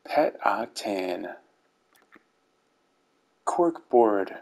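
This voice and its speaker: A man's voice: fairly low pitch, expressive, very slow, vocal fry, darkish tone, slight background noise, rough recording. A middle-aged man giving casual commentary on game rewards, with dry dad-joke humor. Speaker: YouTuber reviewing game rewards. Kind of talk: casual commentary over gameplay footage. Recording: faint background music.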